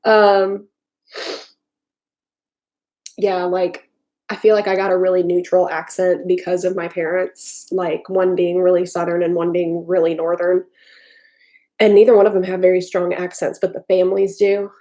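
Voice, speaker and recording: A woman's voice: fairly low pitch, level tone, moderate pace, warm tone. Rambling, foul-mouthed woman live streaming. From Tennessee, US. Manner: rambling, profane, lots of "like" and "um". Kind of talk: casual live-stream chat. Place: home kitchen. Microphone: desktop computer mic.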